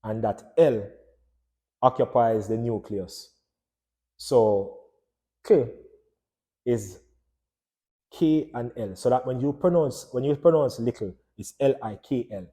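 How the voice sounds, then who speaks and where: A man's voice: medium pitch, lively intonation, slow, long pauses, mellow. A man giving a casual lesson on phonology, asking his listeners questions and answering them himself. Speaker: language teacher.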